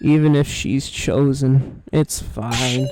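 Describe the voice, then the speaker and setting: A man's voice: mid-range voice, fairly even intonation, takes it slowly. A man doing a weary withdrawn young girl. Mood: listless. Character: withdrawn weary young girl who speaks of herself in third person. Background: game music.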